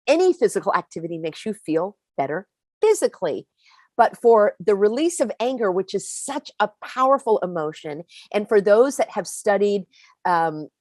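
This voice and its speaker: A woman's voice: medium pitch, dry recording. Woman host, live-stream pep talk, emphatic, dry close sound. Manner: animated, emphatic, speaks straight to viewers.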